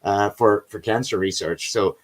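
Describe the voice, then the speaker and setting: A man's voice: fairly low pitch, moderate pace. A man hosting a casual video chat, telling rambling stories, swearing freely and calling people buddy and man.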